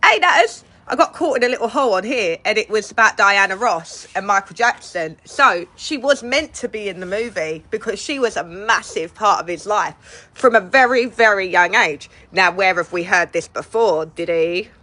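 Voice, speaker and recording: Outdoors with a phone mic, a middle-aged woman hosting a livestream chats and gossips with viewers, greeting each by name. Her medium-pitched voice is bright and forceful, with lively intonation at a normal speed.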